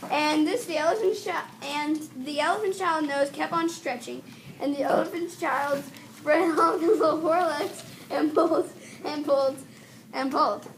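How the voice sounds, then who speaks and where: A woman teacher reading a children's story aloud, pausing now and then to correct herself. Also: high-pitched, steady tone. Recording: distant mic with faint background hiss.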